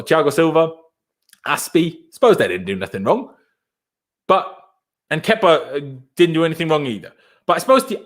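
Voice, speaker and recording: A young man with a high-pitched voice hosts a fan channel's post-match live stream, ranting in exasperation. He repeats himself and banters with viewers in the chat.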